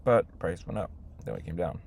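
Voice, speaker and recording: A man's voice: deep voice, a little fast, vocal fry, a little mellow, a little hiss or hum. A young man, a day trader, recording a frustrated video diary and scolding himself in the second person, swearing heavily. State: hungry. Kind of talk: self-talk video diary.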